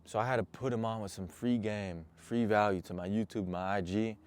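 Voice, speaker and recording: A man's voice: lowish voice, steady tone, brisk, darkish tone. A young man, a motivational coach, talking earnestly and intensely straight to his viewers. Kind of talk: personal motivational talk to camera.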